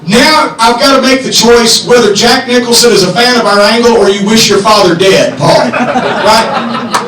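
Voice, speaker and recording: Profane, animated man telling stories in an echoey club. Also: sits high, normal speed, a crowd in the background. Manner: profane, animated, rambling anecdotes. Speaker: podcast host. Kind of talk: live podcast storytelling. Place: comedy club stage. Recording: echoey room from far off.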